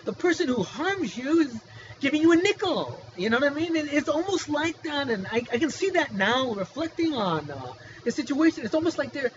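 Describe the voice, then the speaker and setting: A man with a strikingly high voice speaks in a casual vlog monologue, agitated and pressing one pointed question after another. The recording is muffled and lo-fi, with a faint hiss underneath. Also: very animated, fairly quick. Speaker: whistleblower telling his story.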